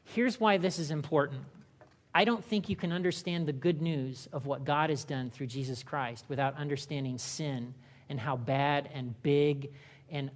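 A woman pastor preaching a sermon in a conversational style, asking the congregation questions and acting out short voices. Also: low voice. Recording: long hall reverb.

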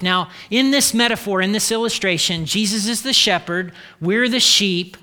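A male pastor preaching a sermon, animated and acting out the voices he describes. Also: high-pitched, normal speed, few pauses.

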